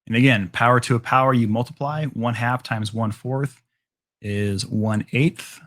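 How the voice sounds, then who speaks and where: A man's voice: mid-range voice, fairly even intonation, normal speed, fairly bright tone. A man teaching a math class, explaining steps casually with frequent ums and restarts. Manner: casual, filler-heavy explaining with frequent ums and all rights. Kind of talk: classroom lecture.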